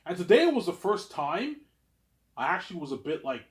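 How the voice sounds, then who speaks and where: A man's voice: sits high, very animated, normal speed, reverberant. A young man rambling in a casual vlog monologue, repeating words and restarting his sentences often. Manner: repetitive, stammering restarts. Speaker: vlogger.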